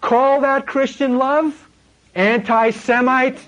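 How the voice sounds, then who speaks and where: An indignant accuser hurls scornful, rapid questions in a raised, strained pitch, as a preacher acts him out. The voice jumps well above the speaker's normal range and pushes hard. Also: male voice, steady tone, fairly bright tone, heavily acted.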